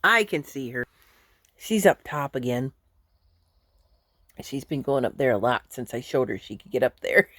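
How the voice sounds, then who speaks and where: A woman's voice: rumbling low, sing-song, normal speed, long pauses, fairly bright tone, no room sound. A woman vlogging at home in a casual, rambling way, chuckling often as she talks. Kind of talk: casual chat to camera.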